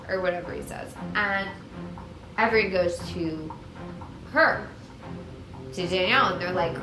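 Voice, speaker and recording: A woman's voice: on the low side, unhurried, pauses often. A tipsy woman rambling through a comic retelling, losing her thread and repeating herself. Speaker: storyteller. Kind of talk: comic drunk-history retelling. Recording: echoey room with music.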